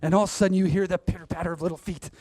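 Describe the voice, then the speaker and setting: Guy giving a pumped-up motivational talk, slightly high voice, talks right at the crowd and chuckles at himself. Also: very fast, no echo, studio quality. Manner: animated, laughs at his own jokes; addresses the audience directly. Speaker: public speaker.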